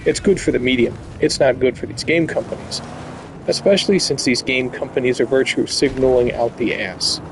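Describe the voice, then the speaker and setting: A male gaming host rants over gameplay in a blunt, heated, profane way. His voice has a gravelly, fry-laden edge. Faint noise sits underneath. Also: medium pitch, moderate pace. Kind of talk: ranting gameplay commentary.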